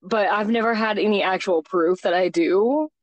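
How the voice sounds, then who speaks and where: A woman telling a winding story in relaxed chat, slipping into little quoted voices for each person. Her pitch sits in the middle range and the recording is dry and close. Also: moderate pace, no echo.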